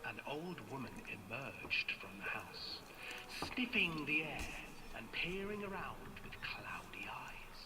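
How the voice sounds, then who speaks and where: A man narrating a dark fairy tale for a game in a theatrical voice that drops to a hush. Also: mid-range voice, sing-song, slow pace, background noise. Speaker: storybook narrator. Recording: long reverb with music behind.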